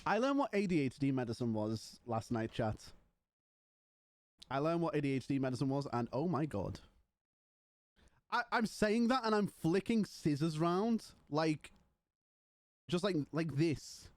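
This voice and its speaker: Young male streamer, slightly high voice, rambling jokey chat, dry close mic. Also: big pitch swings, unhurried, long pauses, no echo. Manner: rambling, joking, swearing. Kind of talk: casual live-stream chat.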